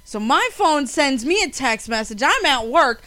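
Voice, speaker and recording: A high, bright woman who tells stories excitably in casual chat, cursing as she goes. Her voice leaps around a great deal. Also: unhurried. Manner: excitable, swears freely.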